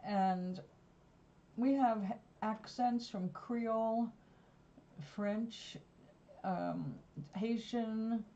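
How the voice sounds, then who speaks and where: A woman talks in a loose, wandering way, drifting from one story to the next. Her voice is mellow and soft-edged. The recording sounds a little dull and lo-fi. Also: fairly high pitch, very slow, pauses often. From New York. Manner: rambling, digressive storytelling. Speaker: vlogger. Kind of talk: casual chat.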